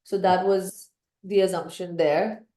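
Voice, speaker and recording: A woman's voice: on the low side, fairly even intonation, measured pace, mellow, reverberant. A woman student in a math tutoring session, mostly giving short agreeing replies and thinking aloud.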